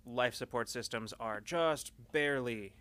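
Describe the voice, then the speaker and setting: A man narrating a tabletop game as game master in a relaxed, descriptive way. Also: mid-range voice, unhurried.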